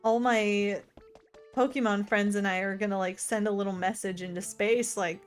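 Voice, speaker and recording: A woman streaming a game in casual let's-play commentary. She is chatty and excitable, and she swings between gushing and muttering to herself. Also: mid-range voice, normal speed, clean tone, faint music behind. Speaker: gaming streamer.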